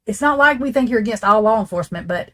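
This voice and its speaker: A woman's voice: fairly high pitch, lively intonation, fast, a bit bright. A woman hosting a casual true crime talk, rambling and blunt, swearing freely as she speaks straight to her viewers. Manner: rambling, blunt and profane, talks straight to chat. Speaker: true crime channel host.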